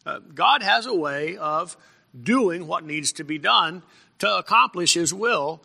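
Gravelly preacher man in an echoing hall. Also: sits high, animated, measured pace, pushed and bright. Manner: frequent throat clearing and repeated false starts. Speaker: pastor. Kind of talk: sermon.

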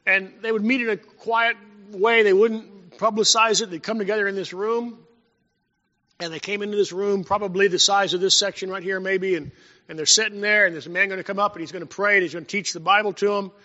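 A man preaching a sermon as pastor, telling stories and swinging between loud and hushed. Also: high voice, fairly even intonation, brisk. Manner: storytelling preacher, rising and dropping in volume. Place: church sanctuary. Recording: dull sound in a long-reverb hall.

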